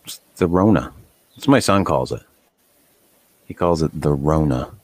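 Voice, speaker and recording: A man's voice: very deep voice, lively intonation, normal speed, no room sound. A middle-aged man co-hosting a podcast in casual chat, swearing freely, rambling and laughing often. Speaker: podcast co-host.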